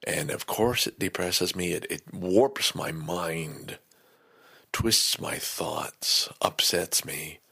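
This older man hosts a podcast from his home basement, delivering a casual, rambling monologue. His voice is deep, husky and creaky with a sharp edge, and he talks slowly but rants profanely and gets worked up easily.

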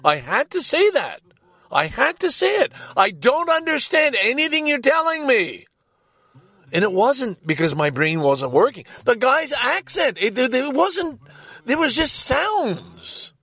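Exasperated older man, very animated. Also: very high voice, a little slow, creaky, slightly rough, dry recording. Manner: exasperated, profane, stammering. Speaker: podcast host. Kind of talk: rambling personal anecdote. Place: parked car.

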